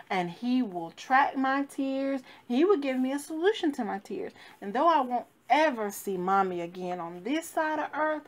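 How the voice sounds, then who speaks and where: A woman's voice: on the high side, a bit bright. Fervent woman minister preaching. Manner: fervent, rising and falling with emphasis. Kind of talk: devotional sermon.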